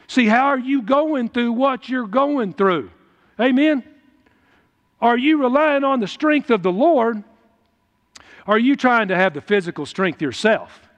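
Here a preacher's high, slightly bright voice carries a folksy, emphatic sermon through a church hall with long reverb. The highs in the audio are cut off.

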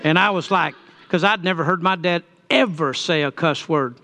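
A middle-aged pastor preaching with a high, bright voice. He talks in a folksy, storytelling way, then presses his points home with emphasis. His tone stays clear and lively in the upper register. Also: normal speed. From Texas. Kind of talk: sermon storytelling.

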